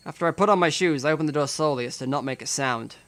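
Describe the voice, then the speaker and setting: A man's voice: fairly high pitch, quick pace, fairly bright tone. A male streamer reading a visual novel's text aloud with drama, breaking off for joking, profane asides.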